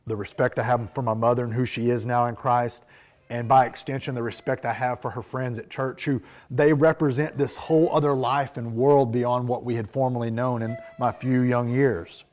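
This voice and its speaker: A man's voice: medium pitch, flat delivery, normal speed, a little mellow. A man preaching a sermon, telling personal stories in an earnest, reflective way. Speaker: pastor.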